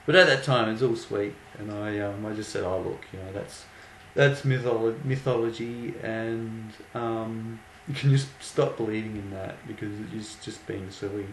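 A man's voice: on the low side, normal speed, few pauses. A young man casually telling a story, amused and mocking, often breaking into laughter. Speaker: vlogger. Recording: echoey room with faint background noise.

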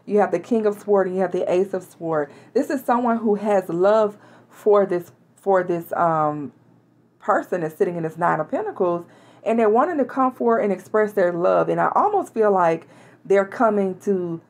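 A woman's voice: medium pitch, expressive, moderate pace, darkish tone. A woman reading tarot cards for her viewers in a chatty, casual way, with small laughs and restarts. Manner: chatty, laughs now and then, hesitant restarts. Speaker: tarot reader.

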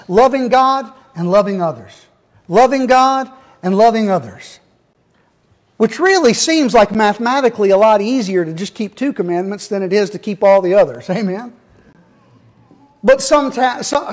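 High-voiced folksy pastor. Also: male voice. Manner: folksy, jokes with the congregation. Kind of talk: sermon.

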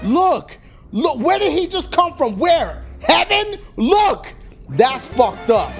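A man giving loud, excited let's-play commentary, full of profane trash talk and yelling. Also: very high voice, slow pace, vocal fry. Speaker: gaming commentator. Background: game music.

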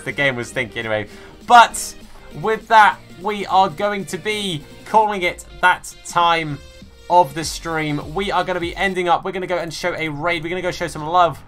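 A young man commentates his own football game on a live stream, swinging from yelling at his players to chatting with viewers. His voice is bright and ringing, sitting a touch high. Soft music plays underneath. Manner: excitable, shouts at the game, chats with viewers.

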